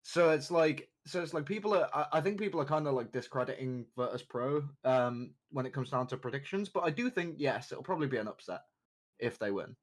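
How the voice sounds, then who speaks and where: A man's voice: mid-range voice, brisk. A man casually chatting while streaming a watch party of an esports match, rambling with fillers and restarts.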